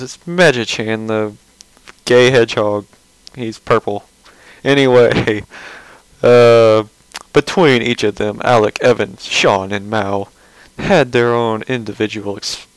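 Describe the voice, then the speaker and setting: A man's voice: mid-range voice, smooth, no echo, low-quality recording. A man giving casual, rambling commentary on a webcomic page, mocking and sarcastic, often restarting his sentences.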